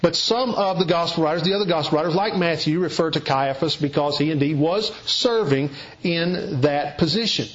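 Southern man, preacher, bible teaching sermon, folksy, explanatory, raised pitch, dull lo-fi recording. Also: moderate pace, hardly any pauses. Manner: explanatory, folksy, occasional restarts.

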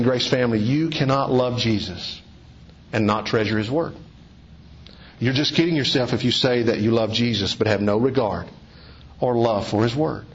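A male pastor with a high voice delivers an earnest sermon, driving his points home with rhetorical questions and repeated phrases. The sound is roomy and echoey, as in a church hall. The recording is a little dull and muffled. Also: fairly bright tone. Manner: earnest preaching with emphatic lists and rhetorical questions. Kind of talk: expository sermon.

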